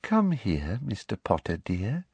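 A man voicing a coldly sweet woman teacher who speaks softly and slowly. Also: lowish voice, wildly swooping pitch, gravelly, husky, no room sound, exaggerated voice. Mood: sugary. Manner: soft, sugary, slow and cold. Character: falsely sweet, cold middle-aged woman teacher.

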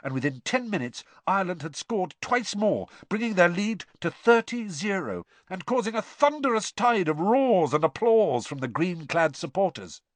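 A man narrating an audiobook with an expressive, varied delivery. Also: high voice, normal speed, hardly any pauses, dry recording.

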